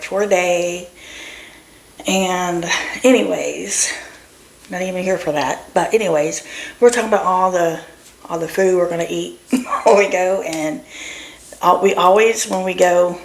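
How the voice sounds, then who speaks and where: A woman's voice: on the low side, creaky. A woman vlogging from her home kitchen, rambling and chatting casually to her viewers. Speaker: doll nursery vlogger. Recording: echoey kitchen.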